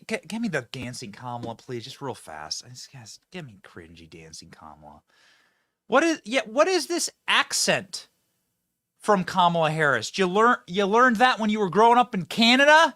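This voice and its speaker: A man's voice: sits high, very animated, normal speed, pushed and bright. A male host giving mocking, sarcastic political commentary.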